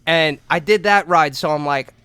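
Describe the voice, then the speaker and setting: Young guy podcasting, bright punchy voice, cussing, acting out his story, dry close sound. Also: on the high side, normal speed, clean tone, no echo. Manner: animated, profane storyteller, acts out voices and shouts. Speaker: podcast co-host. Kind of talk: casual storytelling chat.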